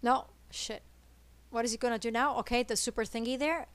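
Excitable woman gamer. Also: a little high, a little fast, smooth. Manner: excitable, nervous, switches between English and Italian. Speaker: streamer playing co-op game. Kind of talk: live gameplay chatter.

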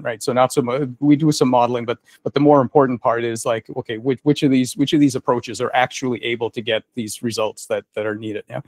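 Halting male researcher on a panel. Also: mid-range voice, no echo. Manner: halting, many restarts and repeated words. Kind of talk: panel discussion. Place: conference panel.

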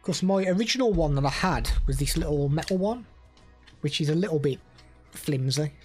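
Husky streamer chatting casually. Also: male voice, fairly high pitch, lively intonation, normal speed, darkish tone, faint music behind. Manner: chatty, rambling, reads out chat messages. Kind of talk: casual live stream chat.

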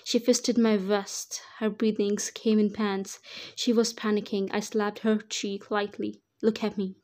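Woman narrator, first-person fan fiction, flat, even reading voice. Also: mid-range voice, unhurried.

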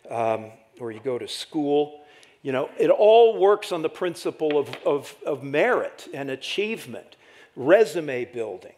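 A middle-aged man preaching a sermon as pastor, animated and rhetorical, often tagging lines with "right?". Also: a little high. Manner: animated, rhetorical "right?" asides, dramatic acted quotes.

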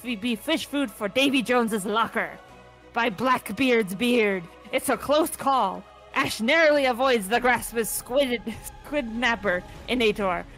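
Hammy pirate captain announcer played by a woman, high voice, faint music under her. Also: fairly bright tone, natural voice, poor audio. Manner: hammy pirate accent, breaking into giggles. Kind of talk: reading an AI battle narration aloud.

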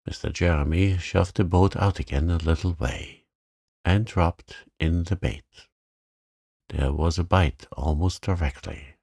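A man gently reading a children's story aloud as a calm sleep story for adults. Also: low-pitched, a little slow, gravelly, slightly rough, dry recording, studio quality.

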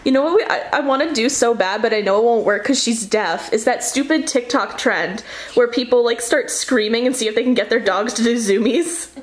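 A woman's voice: on the high side, fairly quick. A woman of about twenty vlogging casually, playfully talking baby-talk to a dog in a small dorm bathroom, recorded on a phone. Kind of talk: casual chat. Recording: echoey small bathroom, faint hiss.

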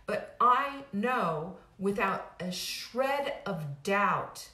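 A woman's voice: medium pitch, slow, few pauses, pushed and bright. Emphatic middle-aged woman in an echoey room. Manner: emphatic, repetitive, casual with frequent restarts. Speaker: weight-loss program host. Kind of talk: motivational talk. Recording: roomy echo.

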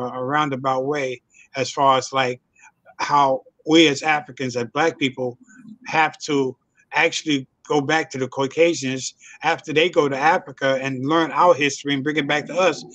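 A man's voice: medium pitch, steady tone, normal speed, fairly bright tone, no room sound. A man hosting a casual chat show, talking in an easygoing way with many fillers. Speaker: host.

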